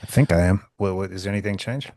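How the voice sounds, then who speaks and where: A man with a somewhat low voice, co-hosting a casual podcast chat. He questions and pushes back in a relaxed, offhand manner. The sound is dry and close to the mic. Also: fast talker, no echo. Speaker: podcast co-host.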